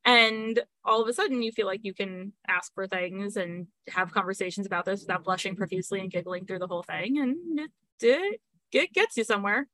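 A woman with a medium-pitched, slightly bright voice speaks a little fast as a podcast guest. She's talkative in this casual chat, leaning on fillers and laughing between points, and there's no room sound.

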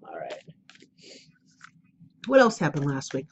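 A woman's voice: deep voice, huge pitch swings, measured pace, a little hiss or hum. A woman chatting casually at home for her vlog, rambling and self-deprecating as she tells stories before an oracle card reading. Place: at home, indoors.

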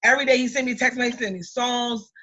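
A woman in her thirties co-hosting a podcast, telling a story in blunt, lively chat with lots of swearing. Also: fairly high pitch, fast talker, lo-fi sound. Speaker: podcast co-host. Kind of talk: casual chat.

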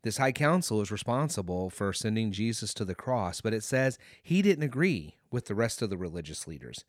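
A man's voice: fairly low pitch, a little fast, no echo, studio quality. Earnest man hosting a Bible podcast. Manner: earnest, lively storytelling with restarts and fillers. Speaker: podcast host. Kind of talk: devotional Bible talk.

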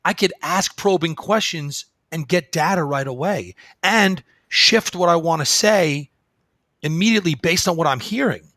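A man speaking as a guest in a conversational interview, telling stories with lively acted-out dialogue. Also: fairly high pitch, moderate pace, no room sound. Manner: animated storyteller, acts out quoted dialogue. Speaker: guest, phone service business owner.

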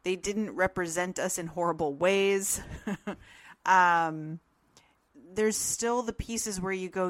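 A woman co-hosting a podcast who talks slowly and unhurriedly, rambling with fillers and restarts. Her voice sits mid-range and sounds dry and close, with little room around it. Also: medium pitch, lively intonation, no room sound. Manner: rambling, filler-heavy, frequent laughs. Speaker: podcast co-host. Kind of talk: casual discussion. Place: room at home with open windows.

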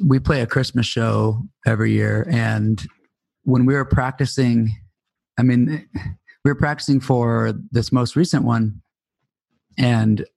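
A man's voice: mid-range voice, vocal fry, darkish tone, no room sound. A man in his forties, a podcast co-host chatting casually with a wry, laid-back manner. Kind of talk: casual chat.

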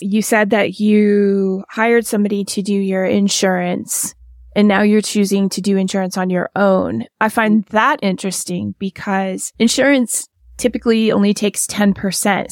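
A woman's voice: medium pitch, no room sound, clean studio sound. A woman hosting a podcast interview, affirming her guest and then steering with direct questions. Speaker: podcast host.

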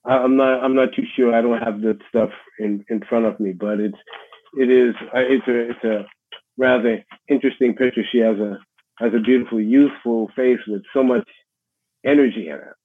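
A middle-aged man with a New York accent, a musician being interviewed, speaking in a halting, reflective way with many restarts. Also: mid-range voice, fairly even intonation. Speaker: guest musician. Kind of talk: casual interview conversation. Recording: husky voice over a tinny phone line.

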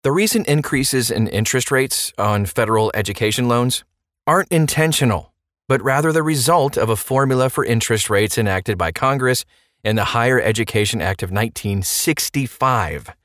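A man's voice: medium pitch, lively intonation, moderate pace, fairly bright tone, no echo, clean studio sound. A man hosting a podcast and explaining a money topic in a playful way, with rhetorical questions and jokey asides. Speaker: podcast host.

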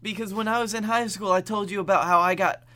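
A man's voice: sits high, fairly even intonation, quick pace, sharp tone. A young man co-hosting a podcast, chatting in a laid-back comic way and swearing casually. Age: young adult. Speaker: podcast co-host. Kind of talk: casual comedic chat.

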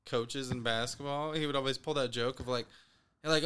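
A man's voice: mid-range voice, fairly even intonation, fast, bright, forceful tone, clear, resonant tone. A man co-hosting a podcast, chatting loosely and stoned, rambling with lots of fillers, swearing and laughter. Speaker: podcast co-host. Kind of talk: casual chat.

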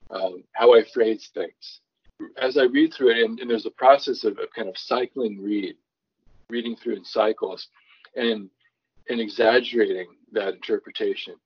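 With a lowish, slightly rough voice, this songwriter guest describes how he writes songs from scripture. His thoughtful, conversational explanation is full of restarted sentences, and he reads scripture aloud with varied emphasis. The recording's highs are cut off.

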